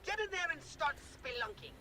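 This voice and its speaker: An actress playing a bossy mission-giver who issues brisk orders in video game dialogue. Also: female voice, high-pitched, very animated, background noise. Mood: urging.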